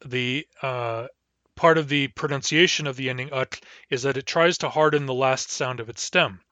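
A man teaching a language lesson, explaining the grammar patiently and step by step and slowing down to sound out each word. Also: medium pitch, pushed and bright, no echo. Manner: patient, explains step by step, slows down to model words.

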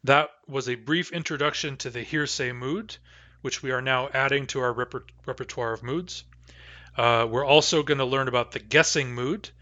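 A man giving a recorded language lesson, pronouncing example phrases slowly and carefully. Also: mid-range voice, sharp tone, no room sound, dull audio. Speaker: language teacher.

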